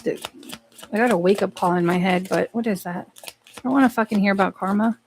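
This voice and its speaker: A woman's voice: medium pitch, fairly quick, slight background noise. A woman giving a live tarot reading in a casual, blunt way, swearing often and talking back to the cards. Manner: blunt, profane, talks to the cards and to herself. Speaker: tarot card reader.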